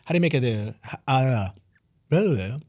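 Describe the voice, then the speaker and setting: A man's voice: mid-range voice, lively intonation, moderate pace, a little mellow. A man hosting a podcast, firing off playful questions in a rambling, joking way. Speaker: podcast host. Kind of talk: casual chat.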